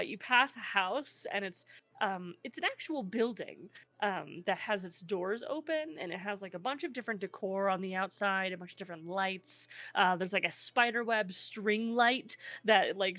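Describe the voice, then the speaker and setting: A woman's voice: medium pitch, moderate pace, pushed and bright, no room sound. A woman narrating a tabletop game as game master, in a chatty way, laughing often and using lots of fillers.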